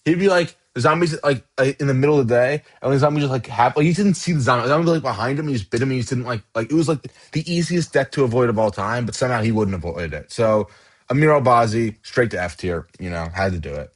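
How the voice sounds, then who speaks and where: Male channel host, casual tier-list chatter, halting and full of fillers. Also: mid-range voice, animated. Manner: rambling, halting, lots of fillers and restarts.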